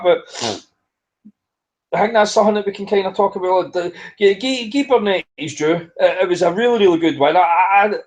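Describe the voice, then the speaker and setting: A man with a high voice rants through a casual podcast chat. He is blunt, swears constantly and builds himself into a fury as he goes. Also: darkish tone, rough recording. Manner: ranting, blunt, heavy swearing. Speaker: podcast co-host.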